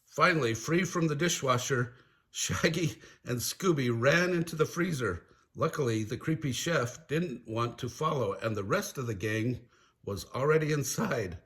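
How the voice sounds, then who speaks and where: An older man reading a children's storybook aloud in a slow, animated storytelling manner. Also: medium pitch. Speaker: storybook reader.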